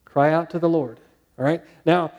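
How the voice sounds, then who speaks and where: A man preaching a conversational sermon, asking his listeners questions and dropping to a hushed tone on key points. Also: on the high side, steady tone, normal speed. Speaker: pastor.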